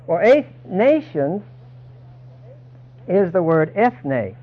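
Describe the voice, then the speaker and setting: A man's voice: high voice, sing-song, very slow, narrow, tinny audio. A man preaching a sermon, emphatic and dramatic, voicing the people he quotes.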